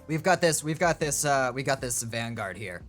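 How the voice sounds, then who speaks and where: A man streaming a card pack opening in casual chat, excitable and rambling, with frequent swearing. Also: medium pitch, normal speed, soft background music.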